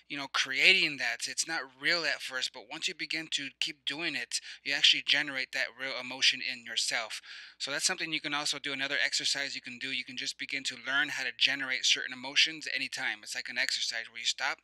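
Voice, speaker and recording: A man's voice: medium pitch, steady tone, fast, sharp tone, dry recording, rough recording. A man giving a motivational teaching talk, guiding listeners through reflective questions and breathing cues in a conversational, repetitive way. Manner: conversational with many fillers and restarts. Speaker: motivational coach.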